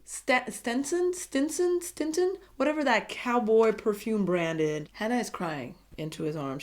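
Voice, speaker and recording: A woman's voice: medium pitch, darkish tone. A woman giving a casual recap of a reality show, gushing and dramatic as she talks straight to her viewers.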